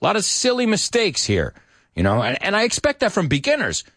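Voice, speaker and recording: Man, teacher, very animated pitch, dry studio sound. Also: dry recording. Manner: lively, teasing, switches between English and Spanish; talks fast. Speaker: English teacher and radio show host. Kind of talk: bilingual English lesson, casual.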